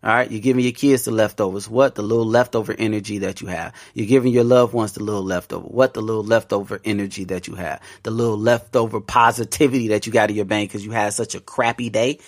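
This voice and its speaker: A man hosting his own podcast, giving a casual motivational talk to his listeners. He is animated and preachy, laughs a lot, uses slang, and repeats phrases for emphasis. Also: on the low side, fast talker, few pauses. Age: adult parent. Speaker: podcast host.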